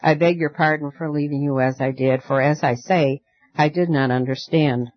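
A timid young man pleads earnestly and fearfully, read by a man in a fairly high voice. He fears the dark, and the telling feels like a storybook. The sound is dull and muffled, with no room echo. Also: steady tone, moderate pace, close to an everyday voice. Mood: apologetic. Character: frightened young man, afraid of darkness. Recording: dull lo-fi dry recording.

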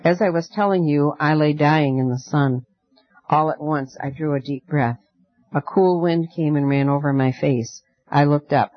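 A man reading as a gentle, soothing night girl. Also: fairly high pitch, normal speed, no echo, natural voice. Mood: tender. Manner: soft, coaxing, earnest. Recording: dull lo-fi dry recording.

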